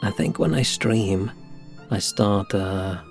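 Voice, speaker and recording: A man chatting casually on a game stream, rambling and sighing with self-deprecating remarks, his soft speech slightly mumbled, into a desk microphone at his home setup. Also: on the low side, takes it slowly, soft background music. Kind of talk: casual live-stream chat before gameplay. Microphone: desk microphone with compressor and equalizer.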